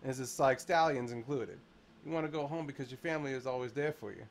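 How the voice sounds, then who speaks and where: A man voicing a bold young male protagonist, read flatly from a fan-fiction text. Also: mid-range voice, fast talker, slight background noise, close to an everyday voice. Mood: earnest.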